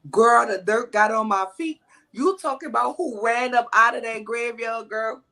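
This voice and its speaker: A woman from New Orleans with a New Orleans accent, a panelist telling stories in casual chat with a folksy, animated manner. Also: on the high side, moderate pace.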